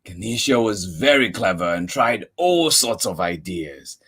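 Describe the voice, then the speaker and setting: A man reading a picture book aloud to children, animated and often asking the listeners questions. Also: on the low side, unhurried, breathy edge. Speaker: storyteller.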